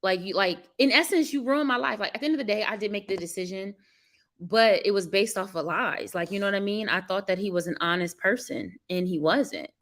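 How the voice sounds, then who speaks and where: Lady vlogging live, chatty and venting, keeps saying y'all, bright sharp voice. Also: medium pitch, fairly quick. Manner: candid, venting, many fillers, addresses viewers as y'all. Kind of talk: casual chat with live viewers.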